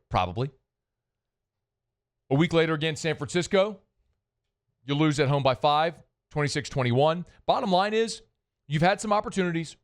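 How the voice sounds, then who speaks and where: A man hosting a sports talk show, delivering a blunt, emphatic opinion monologue that hammers points with repetition. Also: fairly high pitch. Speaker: sports radio host.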